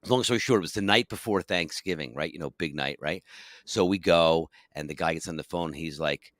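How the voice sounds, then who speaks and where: A man co-hosting a podcast, telling a gig story in a casual, animated way and acting out the people he quotes. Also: low voice, brisk, no room sound, studio quality. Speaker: podcast co-host.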